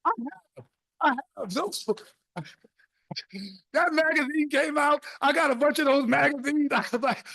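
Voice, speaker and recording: An older man from the South Bronx giving an inspirational speech, telling stories in an animated way with bursts of shouted emphasis. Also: extremely high pitch, moderate pace, creaky. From South Bronx, New York. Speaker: keynote speaker.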